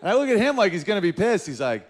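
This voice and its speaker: A male stand-up comedian from northern New York, working a club crowd with a fairly high voice that swings up and down as he acts out the people in his stories. He talks into a handheld stage mic. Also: rapid-fire, a little hiss or hum. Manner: animated storytelling, acting out voices in quotes.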